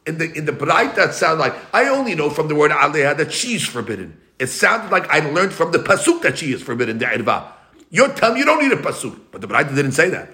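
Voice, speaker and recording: A man teaching a Talmud lesson, arguing both sides in a quick back-and-forth and slowing down to chant the Hebrew and Aramaic quotes. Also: fairly high pitch, big pitch swings, pushed and bright.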